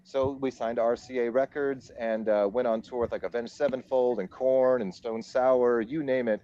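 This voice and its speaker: A man's voice: medium pitch, normal speed. Rambling storytelling man, dull audio. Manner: rambling, animated storyteller who laughs at himself. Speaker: musician guest. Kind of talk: casual storytelling interview.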